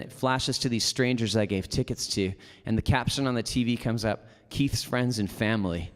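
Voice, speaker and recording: In a large, echoing hall before an audience, a Canadian man with a medium-pitched voice gives a storytelling keynote. He's an animated motivational speaker whose casual delivery is packed with "like" fillers.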